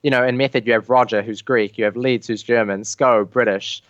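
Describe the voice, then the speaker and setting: Over a remote call, an Australian man, a guest raid leader, chats casually in an interview, rambling with plenty of fillers. His mid-range voice is fairly bright and fairly even in intonation, a little fast, with no room sound and dull, dry lo-fi call audio.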